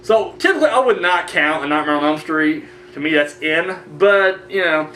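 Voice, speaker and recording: A man's voice: fairly high pitch, lively intonation, normal speed, bright, forceful tone. A man hosting a horror movie review show, chatting and ranting casually with rambling, profane talk. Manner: rambling, profane, frequent restarts. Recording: roomy distant mic with faint hum.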